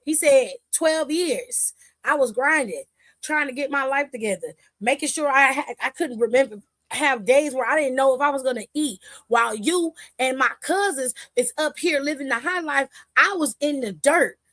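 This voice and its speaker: A woman hosting a wrestling recap, telling it in animated casual chat and acting out the quotes. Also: high-pitched, moderate pace, dry recording, studio quality.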